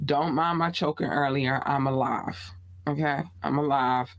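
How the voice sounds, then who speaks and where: A woman podcast host with a Baltimore accent, chatting casually and bluntly in a small home studio, her voice swooping up high when excited. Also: a little slow, dry recording. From Baltimore, USA. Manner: laid-back, blunt, frequent "um" and laughter. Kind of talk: casual podcast sign-off chat.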